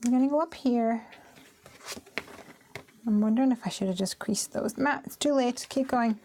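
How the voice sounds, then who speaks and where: A woman's voice: a little high, normal speed, dark tone, slight background noise. A woman hosting a live craft stream, chatting casually and talking herself through each step as she works. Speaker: crafting host.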